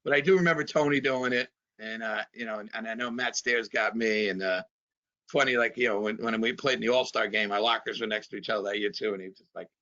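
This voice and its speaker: A man in his fifties from New Jersey, a former pitcher, rambling through memories in a casual chat full of fillers. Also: fast talker, bright, forceful tone. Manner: rambling, many fillers, chuckles often. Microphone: video call. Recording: dull video-call audio.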